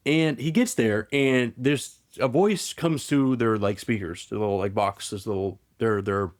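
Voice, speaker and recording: A man hosting a podcast, retelling a story in casual chat, rambling and animated with lots of restarts. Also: medium pitch, a little slow. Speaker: podcast host.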